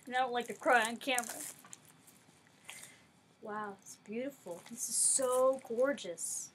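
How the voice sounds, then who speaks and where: A woman unboxing gifts in a casual vlog, gushing over each one and dropping to a softer tone when she explains. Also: fairly high pitch, a little slow, a little hiss or hum, low-quality recording. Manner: gushing, effusive. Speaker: vlogger.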